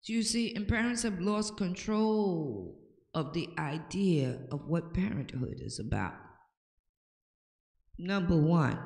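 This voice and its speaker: An older woman talks slowly and deliberately, lecturing with emphatic, preachy conviction. Her voice rings around a roomy space with a long, lingering reverb. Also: a bass voice, darkish tone. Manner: preachy, emphatic, checks in with "okay?". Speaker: home-remedy host. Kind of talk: casual advice talk to camera. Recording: echoey room with long reverb.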